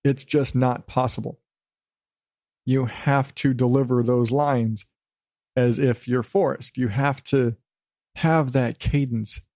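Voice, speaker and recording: A middle-aged man rambling alone into a close podcast mic, loose and self-mocking, with a voice of ordinary middle pitch. The sound is dry, with no room around it. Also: steady tone, slow, a little mellow, dry recording. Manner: loose, self-deprecating, slips into silly voices; swears casually. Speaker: podcast host. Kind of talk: rambling solo podcast talk.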